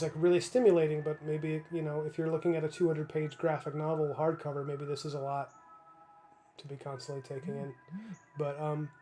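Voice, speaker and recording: A man's voice: on the high side, warm tone, slight background noise. Rambling male artist chatting while painting. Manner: rambling, thinking aloud, many restarts and fillers; reads and answers viewer chat. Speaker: livestreaming comic artist. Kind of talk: casual livestream chat while painting.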